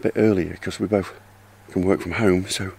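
Middle-aged vlogger, low gravelly voice, chatty and rambling, handheld camera outdoors, faint background hiss. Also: male voice, fairly even intonation, normal speed, darkish tone. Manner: chatty, rambling, talks to camera while doing chores. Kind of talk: casual vlog chat. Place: outdoors in a back garden by a hot tub.

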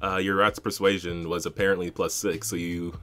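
A man co-hosting a podcast, recapping a tabletop game in casual chat, amused and halting, often repeating words. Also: sits low, level tone, a bit bright. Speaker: podcast co-host.

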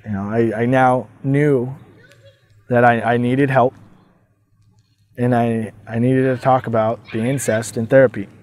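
Halting man telling a painful memory. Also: mid-range voice, fairly even intonation, a little mellow. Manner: halting, hesitant, many fillers and restarts. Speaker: abuse survivor telling his story. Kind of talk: personal testimony monologue.

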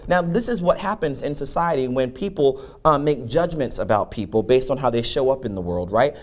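A man's voice: mid-range voice, quick pace, hardly any pauses. A man and professor giving a motivational talk, telling a humorous story and acting out the dialogue. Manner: animated, humorous, acts out dialogue. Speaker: keynote speaker and professor.

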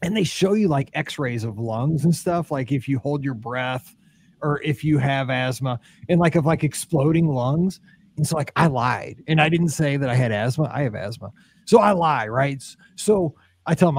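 A man hosting a podcast, telling a rambling, animated story in casual chat and laughing often. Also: on the high side, brisk, breathy edge. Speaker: podcast host.

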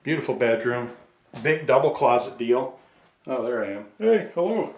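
A middle-aged real estate agent, somewhat short of breath, casually shows the camera around a spacious empty house, rambling and joking as he goes. He talks at normal speed with a medium-pitched voice, and the empty rooms echo.

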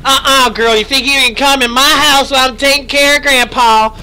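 A man's voice: very high voice, fairly even intonation, brisk, sharp tone, smooth, pitched above the performer's own voice, exaggerated voice, low-quality recording. A man voicing a sassy, fed-up woman caretaker scolding someone in a raised voice.

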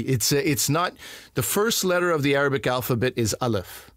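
Lively, self-mocking storytelling man. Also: mid-range voice, fairly quick, no echo, studio quality. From Canada. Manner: animated, self-mocking, acts out other voices. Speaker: comedian guest. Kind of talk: casual storytelling interview.

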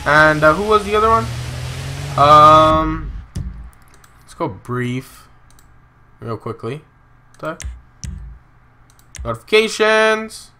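An excitable young man gives let's-play commentary and slips into police radio role-play. His voice sits high and rings very bright. He rambles with plenty of fillers and shouts in surprise when the action turns. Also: poor audio. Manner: excitable, exclaims loudly when startled; rambling, many filler pauses. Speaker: gaming channel host.

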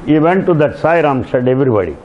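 A man's voice: fairly high pitch, a little slow, slight background noise. A man giving a devotional discourse, telling stories with emphatic repetition. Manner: animated storytelling with emphatic repetition. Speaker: spiritual speaker. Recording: dull lo-fi recording.

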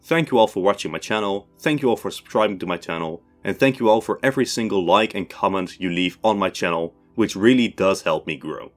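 A man in his twenties with a Dutch accent, hosting a history channel and reading out viewer questions and his answers in a measured, scripted way. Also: low-pitched, faint music behind. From Netherlands. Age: 20s. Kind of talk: scripted Q&A narration.

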